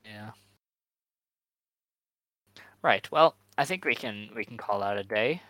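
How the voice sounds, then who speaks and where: Bright-voiced male podcast host, dry mic. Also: lowish voice, moderate pace, dry recording, low-quality recording. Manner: hedging, relaxed, filler-heavy. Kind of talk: casual chat.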